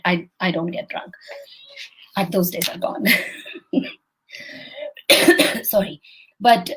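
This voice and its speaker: Gravelly, breathy woman coaching viewers. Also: fairly low pitch, rough recording. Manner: encouraging, speaks directly to viewers. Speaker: host and coach. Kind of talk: motivational live-stream talk.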